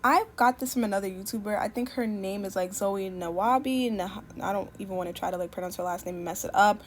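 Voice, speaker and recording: Young woman w/ chatting fast through a wig install voiceover, tons of "like"s, faint hiss in the background. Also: medium pitch. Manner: chatty, fast, many "like" fillers. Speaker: beauty YouTuber. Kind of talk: casual voice-over tutorial. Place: home, voice-over recorded separately.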